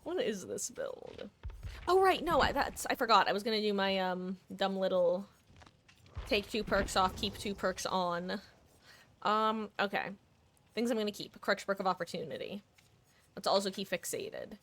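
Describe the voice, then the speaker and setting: Young woman streamer, mid-pitched voice, rambling self-mocking play-by-play at a desk mic, faint hum behind. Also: normal speed, a bit bright. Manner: chatty, thinking aloud, self-deprecating asides. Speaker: game streamer. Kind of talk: casual gameplay commentary.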